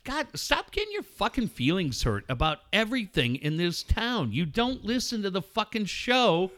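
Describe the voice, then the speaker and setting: High, animated man ranting on sports radio. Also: moderate pace. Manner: loud, blunt and swearing, with mocking asides. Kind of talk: profane sports talk radio rant. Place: radio studio.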